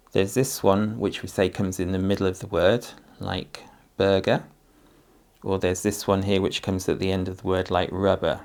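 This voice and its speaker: A man teaching a phonics lesson to parents, speaking slowly and patiently as he sounds out words and syllables. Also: low voice, little pitch movement, darkish tone.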